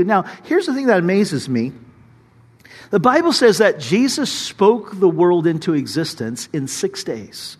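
A middle-aged male pastor preaching a conversational sermon, full of asides and rising to loud high points. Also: big pitch swings, unhurried, breathy edge, in a large hall.

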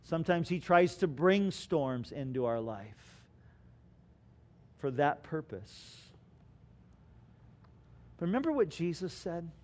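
High-voiced, unhurried preaching man. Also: big pitch swings. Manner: preaching with dramatic swings between quiet and loud; asks the congregation rhetorical questions. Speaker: pastor. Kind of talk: sermon.

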